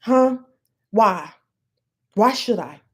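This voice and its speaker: Her fairly high, animated voice moves extremely slowly. She's a podcast host from the United States, an American woman ranting alone, heated and profane, with blunt emphasis on her words.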